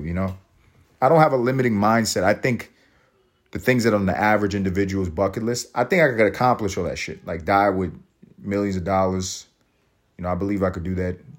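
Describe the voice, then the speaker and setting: A man with a low-set voice rambles through a solo podcast monologue, cursing freely and laughing at his own jokes. He often jumps up into a high, excited pitch to drive a point home. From Puerto Rican family, raised in US projects. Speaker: podcast host.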